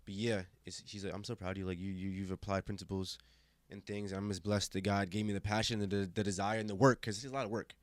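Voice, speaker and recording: A man in his twenties from Germany, guest on a podcast, telling a story with emphatic, animated delivery and many restarts. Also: on the low side, quick pace, no echo. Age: 20s. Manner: animated, emphatic, acts out quoted voices, frequent restarts. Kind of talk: casual storytelling conversation.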